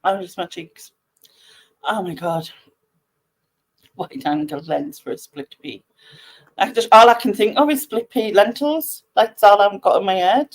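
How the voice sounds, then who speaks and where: A woman's voice: mid-range voice, expressive, measured pace, pauses often. A woman hosting a casual video-call chat, chatty and laughing often. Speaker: host of an online meet-up.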